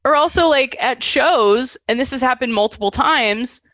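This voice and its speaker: A woman in her thirties with a high voice speaks at a moderate pace as a musician guest in a casual interview. She tells animated stories full of acted-out quotes, and there's no room sound.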